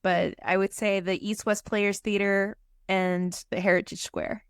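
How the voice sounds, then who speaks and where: A woman's voice: medium pitch, little pitch movement, measured pace, clean tone, no room sound, clean studio sound. Chatty woman telling a story. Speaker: guest. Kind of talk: casual podcast storytelling.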